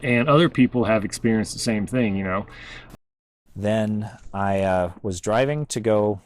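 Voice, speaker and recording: A man casually telling a story about his outdoor research, halting and full of "uh" and "you know". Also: on the low side, a little hiss or hum. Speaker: bigfoot researcher vlogger.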